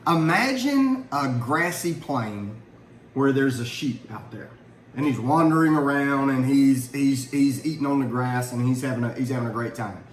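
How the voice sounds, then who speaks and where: A man's voice: mid-range voice, animated, normal speed, a little hiss or hum. A middle-aged man leading a family Bible lesson, earnest and conversational, asking questions as he teaches. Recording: echoey room, faint ambience.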